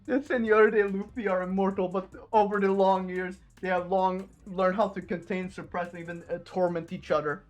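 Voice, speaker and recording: A woman streamer reading a game's story text aloud in a plain, steady way. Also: mid-range voice, moderate pace, hardly any pauses, faint music behind.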